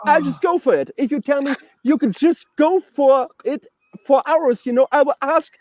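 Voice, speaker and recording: A man with a German accent, a talkative journalist chatting excitedly and joking on a live stream from a harbor. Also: extremely high pitch, moderate pace, dry recording. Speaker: LEGO blogger and journalist guest. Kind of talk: casual live-stream chat. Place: outdoors at a harbor.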